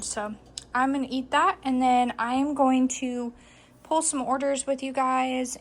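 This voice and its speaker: A young woman casually vlogging about her reselling business, chatty and full of fillers as she shows items to the camera. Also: high-pitched. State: a little out of breath. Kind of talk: casual vlog narration.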